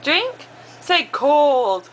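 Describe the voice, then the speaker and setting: A young mother talks at home in a high, bright voice that leaps up and down as she coaxes little ones. She draws her words out slowly in a sing-song baby-talk way, patient and playful. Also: sing-song, background noise. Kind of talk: home video chat with toddlers.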